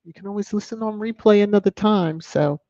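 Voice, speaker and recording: Her medium-pitched voice has a dark tone and a fairly quick pace, with no echo. The speaker is an American woman hosting a casual livestream, giving chatty, opinionated takes on viewer comments she reads aloud, captured in dull lo-fi home stream audio.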